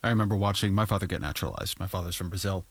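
A man hosting an interview, asking thoughtful, measured questions. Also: sits low, slightly rough, no room sound. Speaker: interview host.

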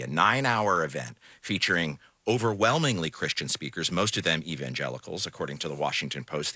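A man's voice: very deep voice, pushed and bright, slightly rough, no room sound. A man hosting a studio news discussion, earnest and questioning, sometimes restarting his sentences. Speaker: radio show host. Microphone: studio microphone.

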